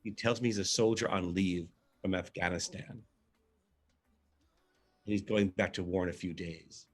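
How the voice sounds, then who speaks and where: A man's voice: sits low, fairly even intonation, normal speed, faint music behind, close to an everyday voice. A man reading a candid, wry first-person monologue for a verbatim theatre reading, as a male arts director telling his story.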